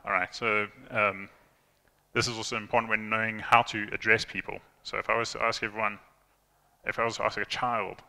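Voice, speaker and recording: A young conference speaker talks a little fast in a low, creaky voice with a sharp tone and little pitch movement. His informal tech talk is chatty, crowded with fillers and restarts, with quoted lines acted out, recorded in a reverberant hall.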